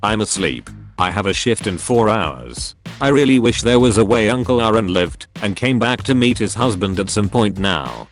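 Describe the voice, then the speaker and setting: A man's voice: fairly low pitch, expressive, normal speed, soft background music. A man narrating funny online posts in a read-aloud comedic style.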